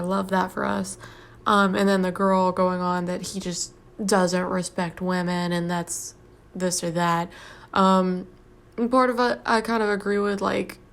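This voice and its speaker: A woman hosting a vlog, giving blunt, sarcastic casual commentary on posts she reads, with plenty of ums, recorded at home. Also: medium pitch. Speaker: vlog host reading Reddit posts. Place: home, planes heard outside.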